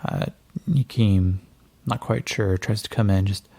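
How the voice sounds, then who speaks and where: A man narrating a tabletop game as game master, in a gravelly, husky voice. His tone is dark and mellow, and he rambles along, often pausing on fillers and correcting himself. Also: fairly low pitch. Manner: relaxed, rambling, with many fillers and self-corrections.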